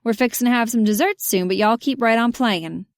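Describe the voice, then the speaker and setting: A woman voicing a bold, teasing Southern best friend with a thick Southern accent, drawling slowly and sweetly in an audiobook. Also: on the high side, no room sound, clean studio sound, pitched above the performer's own voice, close to an everyday voice. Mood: bubbly. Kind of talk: audiobook character voice.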